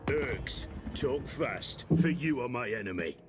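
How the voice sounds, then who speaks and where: An actor playing a grim, oath-bound old dwarf slayer king for a video game, with a dramatic, gravelly delivery. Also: mid-range voice, lively intonation, a little slow, close to an everyday voice. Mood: stern. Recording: game audio over music and ambience.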